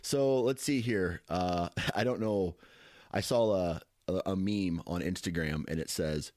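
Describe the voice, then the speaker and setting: Low-voiced man telling stories with laughs. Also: measured pace, a little mellow, no echo, clean studio sound. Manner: laughs often, storytelling with restarts. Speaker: podcast host. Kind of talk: casual chat.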